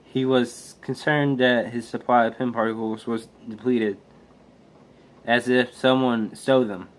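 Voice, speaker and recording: A man reading a worried male butler's lines from a comic in his own slow voice. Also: mid-range voice, steady tone, natural voice, low-quality recording. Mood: concerned.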